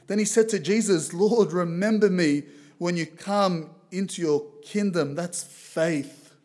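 Loud high-voiced Lebanese preacher. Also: male voice, unhurried. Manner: loud, earnest preaching, reads scripture aloud. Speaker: visiting preacher. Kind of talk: sermon. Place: church.

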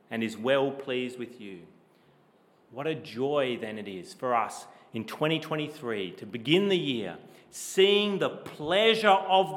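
A man preaching a sermon with emphatic rhetorical questions, his delivery rising loud and then dropping low. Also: long reverb tail.

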